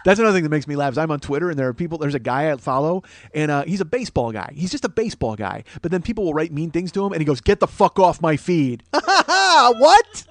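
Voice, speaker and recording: A man in his forties rants through a comedic solo monologue, rambling, swearing and sounding exasperated. His voice sits high for a man and he talks quickly. The sound is close and dry, with no room around it. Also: lively intonation, no room sound. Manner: profane, rambling, exasperated ranting. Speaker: podcast host.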